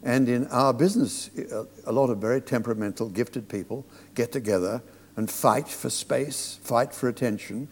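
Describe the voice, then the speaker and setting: A man, a theatre director, telling anecdotes to an audience, halting and restarting as he goes. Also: medium pitch. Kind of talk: storytelling on stage. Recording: long reverb of a hall.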